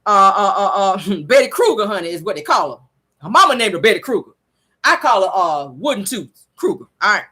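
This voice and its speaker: A woman recapping a reality show episode in a sassy, animated, gossipy way. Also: medium pitch, a little fast, husky. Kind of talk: casual recap commentary.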